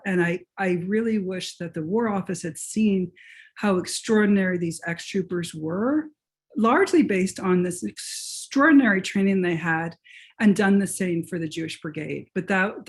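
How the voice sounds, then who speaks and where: Heard over a video call, a woman author and professor with a lowish voice fields questions in a conversational lecture Q&A at a moderate pace. She's eager, thinking aloud and starting her sentences over as she goes.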